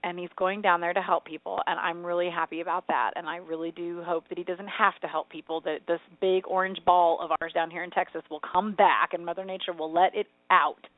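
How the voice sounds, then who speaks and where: A woman's voice: on the low side, a little fast, hardly any pauses, no echo. Chatty woman on a tinny radio line. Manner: chatty, rambling, animated storytelling. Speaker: radio show co-host. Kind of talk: casual chat. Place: home. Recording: tinny phone-like radio sound, dry.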